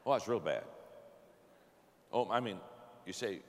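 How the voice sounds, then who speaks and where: A man preaching, telling a folksy, self-deprecating story in an animated way and often restarting his sentences. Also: on the low side, unhurried, long pauses, long reverb tail, slight background noise. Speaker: pastor. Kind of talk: storytelling sermon.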